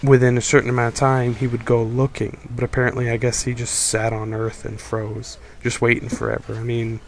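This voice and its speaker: Young male film reviewer, casual and critical, average pitch, restless and rambling. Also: completely flat delivery, fairly quick, a little hiss or hum. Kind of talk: casual opinion monologue.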